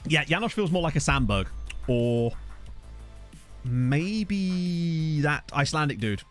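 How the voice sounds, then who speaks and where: Young streamer, fairly high and animated, rambling casual chat, faint music underneath. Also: male voice, slow pace. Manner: chatty and rambling, reacting to chat. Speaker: gaming streamer. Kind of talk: casual live-stream commentary. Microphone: desktop USB microphone.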